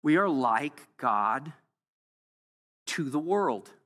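A pastor preaching a sermon in a church sanctuary, the voice trailing off into a long hall reverb. The delivery is emphatic, dropping to near-whispers and then rising sharply. The voice sits at a middling pitch. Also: sing-song, extremely slow. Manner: emphatic, swings between soft and loud.

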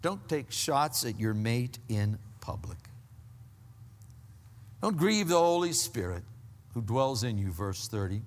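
A man preaching a sermon, slowing down to stress his points and dropping to a hushed, low voice for emphasis. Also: sing-song, big-room sound. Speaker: pastor.

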